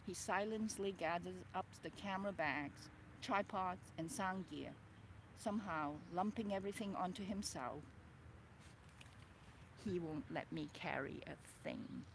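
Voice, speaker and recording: A woman author reading her own memoir aloud, expressive and dramatic, breaking off for chatty asides. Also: fairly low pitch, unhurried, background noise. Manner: expressive, swings between soft and loud, chatty asides.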